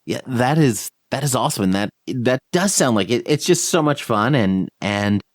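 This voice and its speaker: A man's voice: mid-range voice, animated, normal speed, dry recording. Dry-sounding male podcast host. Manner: encouraging, short affirming replies. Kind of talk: casual interview chat.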